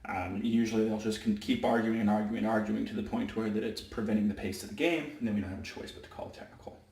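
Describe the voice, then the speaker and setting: A man who works as a high school basketball referee, telling stories casually in a rambling way and often correcting himself. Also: steady tone, fast talker, vocal fry, darkish tone, recorded from a distance. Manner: rambling, self-correcting, with many fillers. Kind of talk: casual storytelling vlog. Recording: roomy echo, away from the mic.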